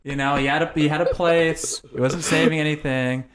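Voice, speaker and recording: A man's voice: on the high side, fairly even intonation, brisk, background noise. A man, a podcast guest telling candid, profane, self-reflective stories in casual conversation.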